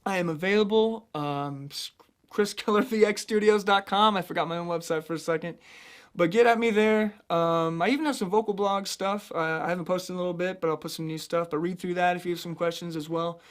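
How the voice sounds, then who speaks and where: Speaking briskly, a vocal coach from central Illinois chats his way through a singing lesson. He lays out technique in plain terms and shifts easily into light, high head-voice demos.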